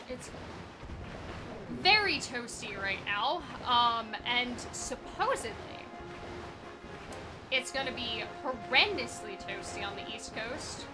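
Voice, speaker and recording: A woman's voice: on the high side, lively intonation, measured pace, long pauses, over loud music. A woman streaming a speedrun, chatting loosely and answering chat as she plays, self-deprecating and giggly. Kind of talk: casual live gameplay commentary.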